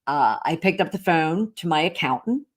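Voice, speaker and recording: A woman with a notably low-pitched voice tells a personal story as a podcast host. She talks candidly and rambles, full of fillers and restarts. She sounds middle-aged. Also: expressive, moderate pace, husky.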